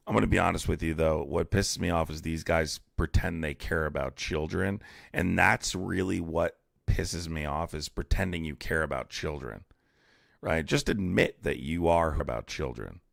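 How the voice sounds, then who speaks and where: Gravelly, combative deep-voiced man. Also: moderate pace, no echo, studio quality. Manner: blunt, profane, combative, reads chat aloud. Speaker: streamer debating callers. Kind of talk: heated live-stream debate.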